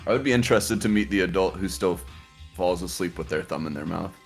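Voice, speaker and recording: Low-pitched dude cracking crude jokes w his buddies, laughs a lot, faint music behind. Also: fairly quick. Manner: giggly, crude joking. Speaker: streamer. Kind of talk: casual chat.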